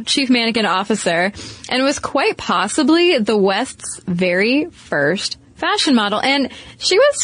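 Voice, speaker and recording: A woman's voice: a little high, no room sound. Wry, conversational woman podcast co-host. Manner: wry, conversational, playful emphasis. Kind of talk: casual chat.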